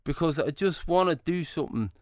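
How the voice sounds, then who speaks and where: A man, a comedian telling jokey, animated stories as an interview guest. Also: on the high side, brisk, dry recording, clean studio sound. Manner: jokey, animated anecdotes with acted-out quotes. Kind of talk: casual storytelling interview.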